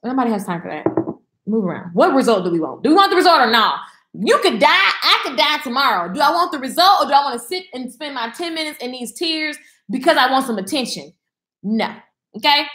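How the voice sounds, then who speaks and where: A woman's voice: high-pitched, big pitch swings, brisk, bright, forceful tone. Blunt, sassy woman in an echoey room. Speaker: host of a live video chat. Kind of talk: casual live-stream chat. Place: indoors at home.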